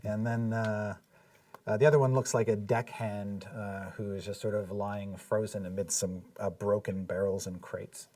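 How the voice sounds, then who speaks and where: A man narrating scenes as dungeon master of a live tabletop game, in a measured, descriptive way with frequent fillers. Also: lowish voice, flat delivery, dark tone, recorded from a distance.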